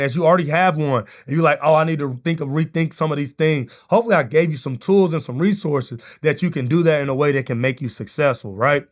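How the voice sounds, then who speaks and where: Male podcast host, slightly higher voice, relaxed motivational solo talk. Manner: casual, energetic, keeps asking "right?".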